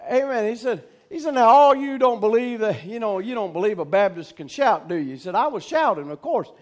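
A man with a strikingly high voice preaches a sermon. He tells his story in a folksy way, then builds to fervent shouts and calls out to the congregation. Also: animated, brisk.

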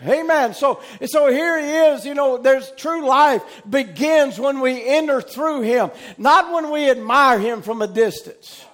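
A middle-aged man with a Southern US accent preaching a sermon, emphatic and repetitive, calling out amen and rising to shouts. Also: extremely high pitch, a little slow, few pauses. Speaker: pastor.

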